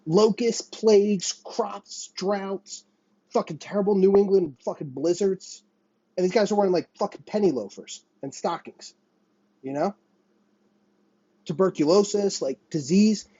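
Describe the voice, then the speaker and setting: A man from the United States rants to camera in a husky, darkish voice, swearing freely and looping back over his own words. The sound is dry and slightly muffled, like a cheap home setup in a small apartment. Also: sits high, dark tone, no echo. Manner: profane, rambling, self-interrupting. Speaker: vlogger. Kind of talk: ranting monologue to camera. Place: small apartment with a running window air conditioner.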